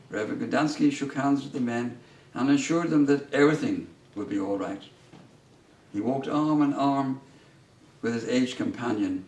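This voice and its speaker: A man giving a public history talk as guest speaker, telling an anecdote in a measured way. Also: mid-range voice, a little mellow. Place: museum lecture room. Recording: roomy, distant mic, faint noise.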